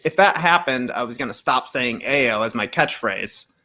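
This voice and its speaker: A man co-hosting a podcast in casual chat, speaking in an animated, emphatic way. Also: mid-range voice, moderate pace. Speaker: podcast co-host.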